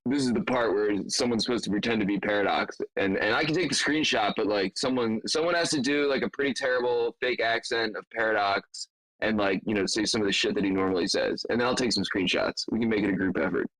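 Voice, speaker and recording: A man's voice: fairly low pitch, quick pace, a bit bright, no echo, poor audio. A man hosting an online meetup in a loose, laughing casual chat with many fillers. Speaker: meetup host.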